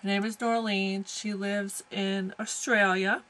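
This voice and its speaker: Slow-talking gushing American woman. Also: medium pitch, flat delivery, a bit bright, poor audio. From United States. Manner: gushing, exclamatory. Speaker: crafting vlogger. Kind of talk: casual unboxing chat.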